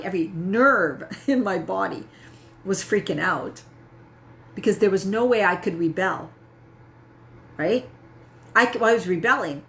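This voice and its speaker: A middle-aged woman coach speaks in a fairly low voice, candid and self-mocking, checking in with her listeners as she goes. A faint hum of room sound sits behind her. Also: fairly bright tone. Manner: candid, self-mocking, frequent "right?" asides. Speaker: health coach. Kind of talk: casual talk to camera.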